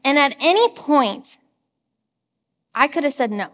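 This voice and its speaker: A woman's voice: high-pitched, lively intonation, measured pace, in a large hall. A young woman giving a church message, telling a personal story in a chatty way and laughing at herself. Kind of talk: personal testimony sermon.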